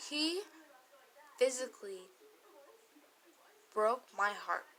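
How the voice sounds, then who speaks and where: Woman vlogger, bright and sharp tone, candid and emotional storytelling with frequent swearing. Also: on the high side, animated, slow, rough recording. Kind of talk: confessional storytime vlog.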